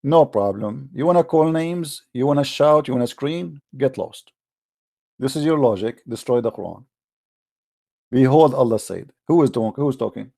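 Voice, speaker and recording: A man's voice: mid-range voice, animated, moderate pace, gravelly, mellow. A man hosting a heated religious debate in non-native English, combative and mocking, often repeating himself. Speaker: debate show host.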